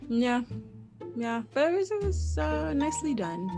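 A woman co-hosting a podcast, chatting casually about books in a relaxed, thoughtful way with many short agreeing replies. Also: sits high, unhurried, music in the background. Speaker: podcast co-host.

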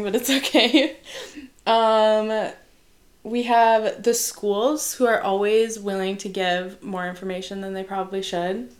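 A young woman from Wisconsin, a social worker, co-hosting a podcast in casual, frank chat and laughing easily. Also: mid-range voice.

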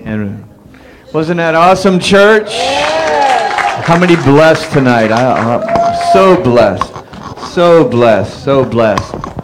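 A man's voice: medium pitch, sing-song, extremely slow, heavy background noise. A man pastor leading his church in a call-and-response reading, then declaring a blessing over the people.

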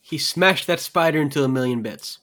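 A man's voice: fairly high pitch, brisk, fairly bright tone. A man co-hosting a casual review podcast, dropping dry, offhand remarks. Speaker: podcast co-host. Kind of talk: casual wrestling review chat.

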